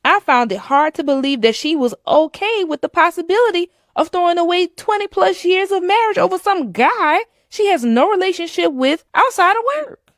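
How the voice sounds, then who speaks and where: A woman in scripted story narration who reads in an even, measured way. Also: very high-pitched, dry recording, clean studio sound.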